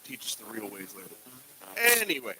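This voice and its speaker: A man's voice: lowish voice, animated, brisk, bright, forceful tone, low-quality recording. A man co-hosting a casual podcast, talking in a loose, jokey, rambling way and swearing freely. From Canada. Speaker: podcast co-host. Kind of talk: casual chat.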